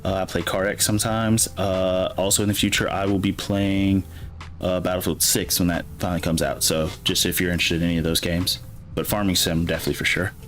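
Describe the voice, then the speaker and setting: Talking fairly quickly in a low, flat voice with a fairly bright tone, a Midwestern-accented streamer from Michigan gives casual commentary on a farming game. He rambles to himself with many fillers over slight background noise.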